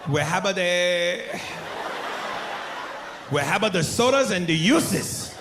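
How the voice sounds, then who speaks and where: A man voicing a flustered male fast-food cashier in a thick mock-Spanish accent, speaking slowly and stumbling over repeated words. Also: sits high, expressive, roomy sound. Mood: halting. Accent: mock Mexican Spanish accent, put on. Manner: slow, halting, mangled words and repeated starts. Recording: live club recording with loud crowd and noise.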